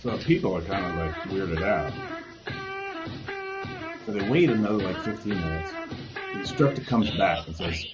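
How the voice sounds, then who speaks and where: A man's voice: low voice, expressive, moderate pace, pauses often. A man casually retelling a story from memory, rambling and hedging as he goes, acting out the people in it. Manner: rambling, recounts from memory with hedges. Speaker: host. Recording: dull lo-fi audio with music behind.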